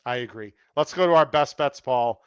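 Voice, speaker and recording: Smooth-voiced man handicapping races. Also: medium pitch, normal speed, no echo, dull audio. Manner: chatty, analytical, ribs his co-host. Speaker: podcast co-host handicapping horse races. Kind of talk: casual chat.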